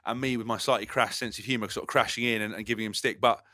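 A man's voice: lowish voice, fairly even intonation, fast talker, bright, forceful tone, no room sound, clean studio sound. A man with a blunt, jokey manner, chatting casually as an interview guest. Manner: blunt, jokey, mimics others in banter. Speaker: interview guest, rugby player. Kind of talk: casual chat.

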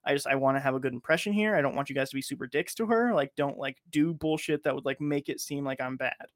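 A man's voice: mid-range voice, quick pace, no room sound, clean studio sound, lightly acted. A man voicing a young woman who hosts a video call, a prankster who turns hostile, in a mocking, pleading way.

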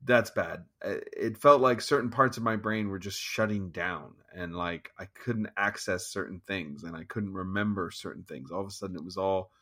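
A man with a fairly low voice tells a personal story as an interview guest. He talks in halting bursts, restarting sentences and acting out what he thought at the time. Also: a bit bright. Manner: halting, restarts, quotes his own thoughts. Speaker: guest musician. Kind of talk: conversational storytelling.

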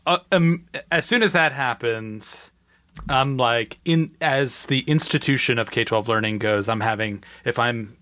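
A man hosting a conversational interview, asking questions thoughtfully with hesitant pauses. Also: medium pitch, fairly bright tone, no echo. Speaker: interviewer host.

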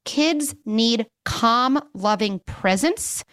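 A woman's voice: a little high, animated, extremely slow, fairly bright tone, clean tone. A woman child psychologist speaking emphatically as a podcast guest, acting out little bits of parents and kids as she explains. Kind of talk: podcast interview.

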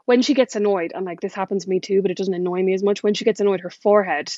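A woman's voice: medium pitch, steady tone, racing, a little mellow, no room sound, dull audio. A young adult woman from Ireland, chatting as a podcast guest in a rambling way, with fillers and laughter. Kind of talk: casual chat.

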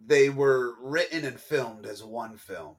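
A man co-hosting a casual podcast chat about films, animated and given to loud, high exclamations. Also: slow. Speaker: podcast co-host.

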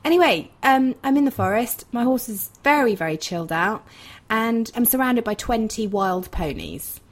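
A woman in her thirties hosting a conversation and telling a story with lively, emphatic outbursts. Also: a little high, normal speed. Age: 30s. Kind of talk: conversational interview.

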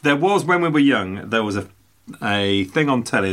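An older man hosts a podcast in casual conversation, chatty and playful as he rambles through stories. His medium-pitched voice is sing-song and a bit bright, at a normal speed.

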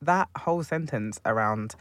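A man's voice: mid-range voice, lively intonation, moderate pace, fairly bright tone, no echo. Man co-host, casual chat, thoughtful, mid voice, dry close sound. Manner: thoughtful, searches for words. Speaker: podcast co-host. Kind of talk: casual panel discussion.

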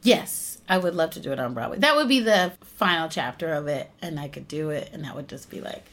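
A young American woman, an actress and singer, chats in a casual interview, telling animated stories and laughing often. Her voice is low and she talks a little fast.

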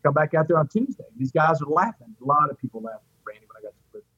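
Fast-talking husky man. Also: a little high, no room sound. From Port Arthur, Texas. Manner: animated, acts out quoted voices. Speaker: guest. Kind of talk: personal storytelling in an interview. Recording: dull lo-fi dry audio.

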